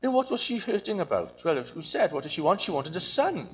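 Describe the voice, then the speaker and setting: A man's voice: sits high, big pitch swings, a little fast, a bit bright, husky, muffled recording. A man preaching a sermon, earnest and searching, often repeating his phrases. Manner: earnest, repeats phrases, mimics voices in quotes.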